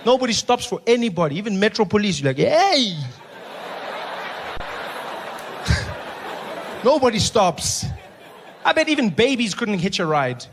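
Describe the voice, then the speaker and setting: A man in his forties with a South African accent, telling a stand-up story with animated delivery. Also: sits high, fairly quick, a crowd in the background, noisy background. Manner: animated storytelling, lots of voices. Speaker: stand-up comedian. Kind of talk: stand-up comedy.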